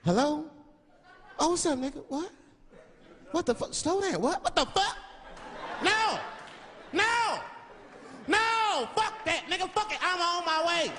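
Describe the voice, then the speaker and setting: A man voicing a frantic male limo driver shouting disbelief into his phone, live on a comedy stage. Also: extremely high pitch, big pitch swings, normal speed, pauses often, voice pushed up, full character voice. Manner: shouting, disbelieving, escalating yelps. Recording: echoey hall, loud crowd noise.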